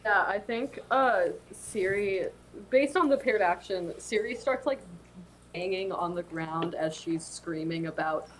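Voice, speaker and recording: A woman's voice: medium pitch, measured pace, slight background noise, poor audio. Hesitant woman thinking aloud in a game. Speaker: player. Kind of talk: casual tabletop game play.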